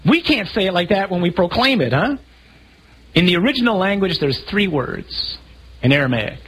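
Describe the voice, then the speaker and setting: A priest giving a sermon to a group of men, animated, asking rhetorical questions and acting out the scene he describes. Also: high-pitched, a little fast, slightly rough, low-quality recording. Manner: acts out scenes vividly.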